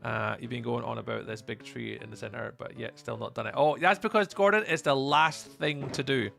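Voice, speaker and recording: A man's voice: medium pitch, a little fast, gravelly, a bit bright, faint music behind. A man from Scotland with a Scottish accent, chatting casually on a live stream and reading out and answering chat while he plays.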